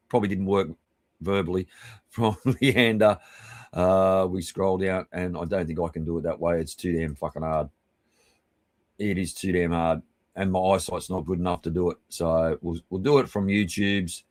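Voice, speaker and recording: Australian man, live-stream host, low-pitched, chummy rambling shout-outs, casual swearing. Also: no echo. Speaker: livestream host.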